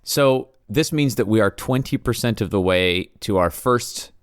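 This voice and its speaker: A man with a fairly low voice co-hosts a podcast in easy, casual chat. He slips in teasing jokes. The sound is dry and close. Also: measured pace, clear, resonant tone, no room sound. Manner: joking, teasing. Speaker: podcast co-host.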